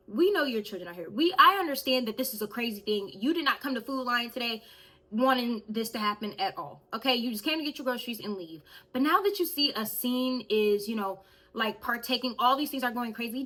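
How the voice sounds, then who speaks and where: A young woman telling a storytime vlog in an animated way, speaking straight to her viewers. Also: high-pitched. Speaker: vlogger.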